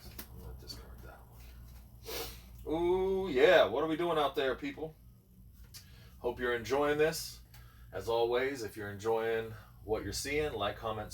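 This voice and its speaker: A man casually chatting with his co-host over a card game and talking to viewers. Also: medium pitch. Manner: easygoing, talks to viewers and the dog. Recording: distant mic with clear room noise.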